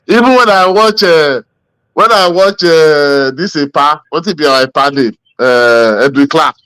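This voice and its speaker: A man with a Nigerian accent, co-hosting a casual political chat and telling stories in a rambling, animated way full of fillers. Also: a little high, a little slow, clear, resonant tone, no room sound. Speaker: podcast co-host.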